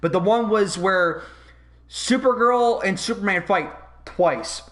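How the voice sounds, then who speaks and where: High-voiced man ranting on a podcast. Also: slow, a bit bright. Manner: heated, swearing, ranting and acting out scenes. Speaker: podcast host. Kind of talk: casual podcast rant.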